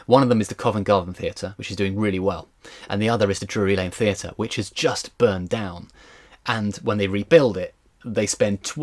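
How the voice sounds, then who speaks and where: Chatty male historian telling stories. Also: lowish voice. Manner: lively, chatty, with fillers and asides. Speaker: historian giving a lecture. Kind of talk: casual storytelling lecture.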